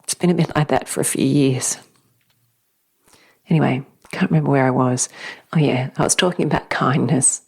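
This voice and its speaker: A woman hosting a spiritual podcast, speaking softly and slowly in a whispery, reflective way. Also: extremely low pitch, steady tone, gravelly, husky. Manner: soft, slow, often whispery and emotional. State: tearful at times. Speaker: podcast host.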